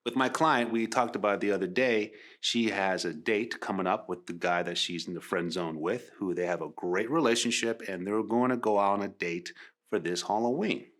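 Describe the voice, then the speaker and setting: A man who works as a love coach, talking straight to women in an animated way. He stresses points by repeating phrases and acts out conversations as he tells them. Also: lowish voice, moderate pace.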